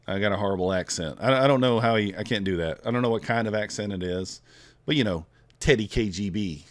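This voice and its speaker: Fairly low in pitch and quick in pace, this man's voice carries a relaxed live stream where he trades futures. He thinks aloud and chats casually with the people watching.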